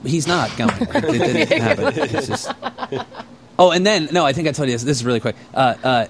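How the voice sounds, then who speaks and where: A man in casual chat, telling stories with lots of swearing and mimicking a friend in a higher voice. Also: sing-song, fairly quick, slight background noise.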